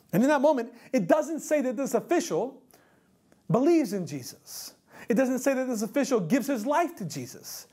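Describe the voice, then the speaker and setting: A man's voice: extremely high pitch, dark tone. A male pastor preaching a sermon in an earnest, emphatic way, repeating rhetorical questions.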